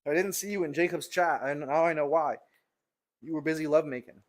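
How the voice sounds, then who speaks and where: A fitness streamer with a fairly high voice talks fairly quickly on a live stream while training in his home gym. He jokingly teases a viewer, laughing and sighing between lifts as he catches his breath.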